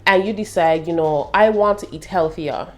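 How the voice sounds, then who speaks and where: A woman's voice: fairly low pitch, normal speed, soft background music. Young british woman gossiping about a tv show, laughs a lot, chatty and loose. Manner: animated, laughing, slangy asides. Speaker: TV review vlogger. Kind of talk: casual chatty review.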